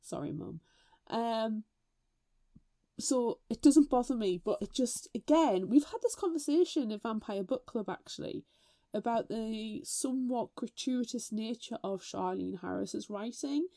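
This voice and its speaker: A woman co-hosting a casual book podcast, telling lively anecdotes, swearing freely and mimicking voices. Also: fairly high pitch, a little slow, no room sound, clean studio sound. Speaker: podcast co-host.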